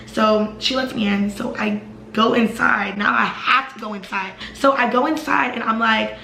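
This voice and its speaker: A young woman telling a personal story to camera in a fast, animated, casual way, full of fillers. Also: a little high, vocal fry, reverberant, a little hiss or hum.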